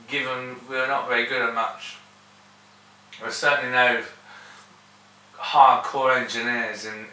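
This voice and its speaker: A man's voice: mid-range voice, sharp tone. A man ranting in a sardonic, digressive monologue. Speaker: vlogger. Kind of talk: rambling monologue to camera. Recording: roomy room, distant mic, faint hiss.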